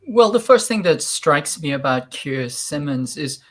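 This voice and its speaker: A man's voice: a little high, animated, fairly bright tone. Sardonic male political commentator. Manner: sardonic, measured with frequent fillers. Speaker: panel guest, commentator.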